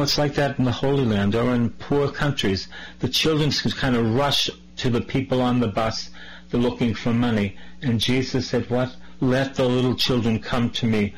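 A man preaching a sermon, reading scripture and then talking it through in a plain, conversational way. His pitch sits in an ordinary middle range, and his explanations come with some false starts. A faint hum runs underneath the recording. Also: rough recording.

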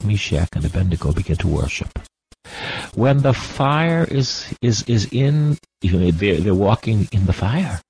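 Man, sermon, slow drawn-out pace, gravelly, repetitive impassioned cadence. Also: on the low side, darkish tone, a little hiss or hum, low-quality recording. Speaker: preacher.

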